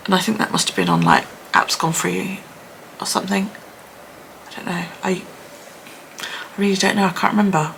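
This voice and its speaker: A woman's voice: medium pitch, sing-song, moderate pace, vocal fry, pauses often, a bit bright, a little hiss or hum. A woman vlogging on her phone, rambling casually, sometimes swearing and often dropping to a near whisper. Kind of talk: casual chat. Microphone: phone held by the speaker.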